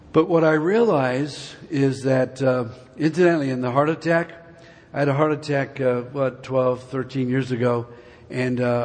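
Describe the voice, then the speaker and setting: A husky-voiced man in his seventies speaks to a congregation in a church sanctuary. His story meanders in a folksy way. The voice hangs in the long reverb of a large hall. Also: medium pitch. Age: 70s. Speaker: speaker giving a church testimony. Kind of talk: rambling personal story told to a congregation.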